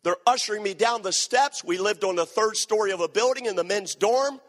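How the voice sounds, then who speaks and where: Bright high-voiced preacher in a hall. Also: male voice, brisk. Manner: animated storytelling, shouting bursts, drops to a hushed voice. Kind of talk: sermon storytelling. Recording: long hall reverb.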